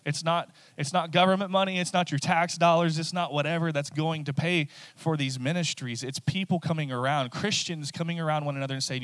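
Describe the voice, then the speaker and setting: A man's voice: a little high, steady tone, fairly quick, hardly any pauses, a bit bright, no room sound. Conversational man preaching a sermon. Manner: conversational, repeats phrases and asks "right?". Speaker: pastor.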